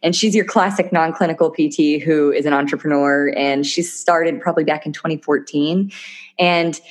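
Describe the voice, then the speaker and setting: Woman, podcast guest, somewhat low voice, chatty, enthusiastic, casual interview. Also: fairly even intonation, moderate pace. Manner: chatty and enthusiastic, laughs often. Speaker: podcast guest, physical therapist turned entrepreneur.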